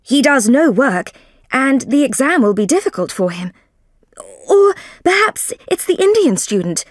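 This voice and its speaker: A woman voicing an eager male companion in a slow storybook reading, full of questions. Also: sits high, sing-song, no room sound, clean studio sound, pitched above the performer's own voice, exaggerated voice. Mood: curious.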